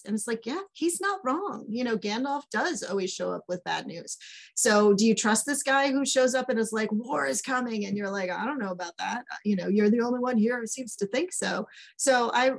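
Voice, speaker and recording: A woman's voice: a little high, gravelly. A middle-aged woman, an author guest, telling stories in a casual chat and acting out the quoted dialogue. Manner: animated, acts out quoted dialogue.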